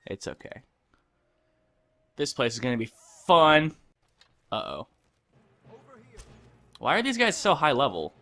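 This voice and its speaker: A man's voice: mid-range voice, huge pitch swings, slow pace, pauses often, fairly bright tone. A young man hosting a gaming channel, chatting casually and ranting with lots of swearing while he plays. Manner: ranting, profane, rambling. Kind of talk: casual let's-play commentary.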